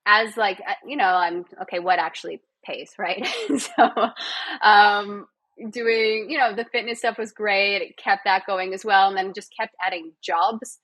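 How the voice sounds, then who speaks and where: A young woman with a Canadian accent talks as a guest on a podcast. Her voice is bright and forceful, and her delivery is chatty and animated, broken up by frequent laughs. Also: medium pitch, a little slow, no room sound. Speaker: podcast guest, actor and physiotherapist. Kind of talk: casual podcast interview.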